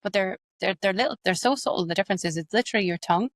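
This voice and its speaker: A woman with an Irish accent, an accent coach and actress, explaining her methods quickly and animatedly in an interview. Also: medium pitch, no echo. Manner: fast, animated, explains with examples.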